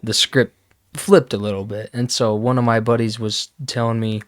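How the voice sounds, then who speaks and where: A man as a podcast guest, telling a story in a relaxed, amused way during a casual chat. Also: medium pitch, normal speed, no echo, studio quality.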